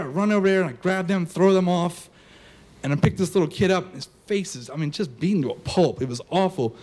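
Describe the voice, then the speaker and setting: High-voiced man telling a story on stage. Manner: casual, animated, lots of "like" fillers. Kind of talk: live personal storytelling. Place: stage before a live audience.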